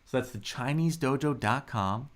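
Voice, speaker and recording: A man's voice: mid-range voice, moderate pace, a bit bright. A man teaching Mandarin pronunciation on a live stream, upbeat and encouraging as he drills words and tones. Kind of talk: live-streamed language lesson.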